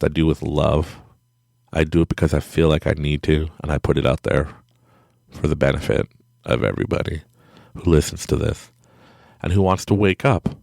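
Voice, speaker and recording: Recording his podcast at home at night, a middle-aged host rambles through a casual, self-deprecating pep talk, laughing frequently. His voice is extremely low, creaky, and darkish, captured in a dry, studio-quality recording.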